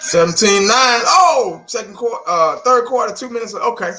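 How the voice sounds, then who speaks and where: Brief: male channel host, high bright voice, blunt and profane, talks right at viewers. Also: animated, normal speed, soft background music. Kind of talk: casual solo rant.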